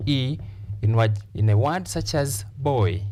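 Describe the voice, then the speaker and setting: Slow, deliberate Kenyan male teacher. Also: medium pitch, warm tone, a little hiss or hum. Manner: slow, repeats key phrases, stresses words emphatically. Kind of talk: classroom lesson.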